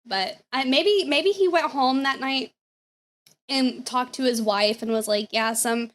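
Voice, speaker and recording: A woman's voice: sits high, measured pace, fairly bright tone. A young woman from the American South with a Southern accent, telling a story casually and laughing often. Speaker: streamer reacting to videos.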